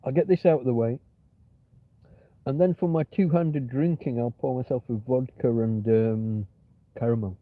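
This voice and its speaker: A man's voice: medium pitch, steady tone, moderate pace, no echo. A man hosting a rambling, casual livestream chat from bed on a cold night, muttering to himself and his viewers. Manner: rambling, muttering, talks softly to his companion at times. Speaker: livestream host. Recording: tinny phone-like livestream audio.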